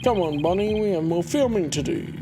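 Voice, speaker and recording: A woman's voice: on the low side, expressive, fairly quick, music in the background, lightly acted. A woman voicing a smug, slick male TV producer who sneers and drawls.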